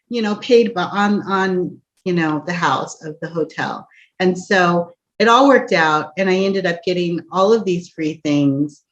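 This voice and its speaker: Animated woman telling a story. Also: medium pitch. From United States. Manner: animated storyteller, laughs often, asides to listener. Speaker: empath coach. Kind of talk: storytelling encouragement talk. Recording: dull lo-fi recording.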